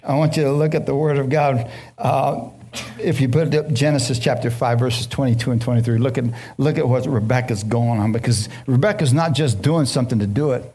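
A man's voice: medium pitch, fairly even intonation, fairly quick, dark tone, husky. A man preaching a sermon as pastor, telling stories and putting questions to his audience.

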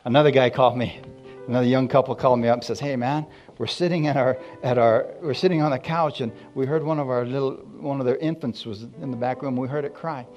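A male pastor preaching, with a voice at an average pitch. He tells stories and acts out the quotes, climbing to loud, fervent exclamations. Faint instrumental music plays behind him. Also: fairly even intonation, fast, highs cut off. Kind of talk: sermon.

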